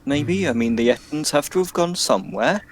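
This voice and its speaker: A man's voice: fairly high pitch, lively intonation, moderate pace. A man playing a tabletop game, rambling loosely with lots of fillers. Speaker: player. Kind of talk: casual tabletop game chat.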